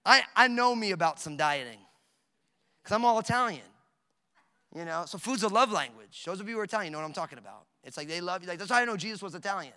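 A pastor in his thirties gives a lively, fast sermon in a high, piercingly bright voice, joking and rambling through stories with lots of fillers. The recording echoes with the long reverb of a big hall.

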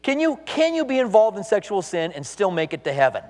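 A man preaching a sermon as a pastor, animated, acting out the voices he quotes. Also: high-pitched, a little fast, long reverb tail.

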